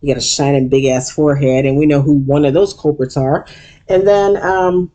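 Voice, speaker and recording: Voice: mid-range voice, steady tone, normal speed, dark tone. Blunt, profane gossip vlogger. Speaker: vlog host. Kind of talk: casual TV recap vlog.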